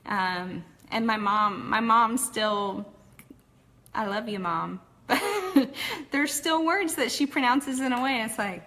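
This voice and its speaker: Texan woman, casual storyteller, slightly high voice with a bright, sharp edge, chatty and candid. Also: expressive, slow. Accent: Texas. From Texas, USA. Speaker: personal storyteller. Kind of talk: casual personal story talk.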